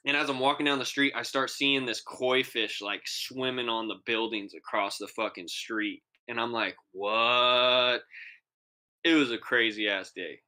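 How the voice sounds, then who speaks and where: Bright-voiced young man telling a wild story. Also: mid-range voice. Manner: animated, profane, acts out quoted voices. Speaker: podcast co-host. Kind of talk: casual storytelling chat.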